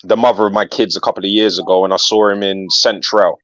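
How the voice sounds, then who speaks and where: Low man, slangy storyteller, dry dull mic. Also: fairly even intonation, fast, fairly bright tone. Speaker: co-host. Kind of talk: live fan reaction chat.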